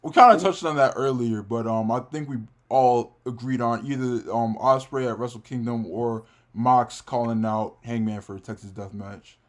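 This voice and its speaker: A man's voice: medium pitch, steady tone, normal speed, few pauses. A man co-hosting a casual wrestling livestream, emphatic and profane, tagging "bro" onto his points. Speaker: podcast co-host.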